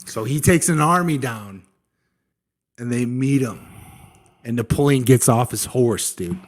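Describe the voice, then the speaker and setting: A man's voice: mid-range voice, animated, measured pace. Young man telling history, slangy. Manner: slangy and profane, says "dude" often, acts out quotes. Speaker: podcast co-host. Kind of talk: casual history storytelling.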